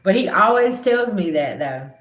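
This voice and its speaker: A woman's voice: mid-range voice, expressive, normal speed, reverberant. A middle-aged woman, a spiritual reader, talking bluntly and animatedly in a casual livestream chat, swearing freely.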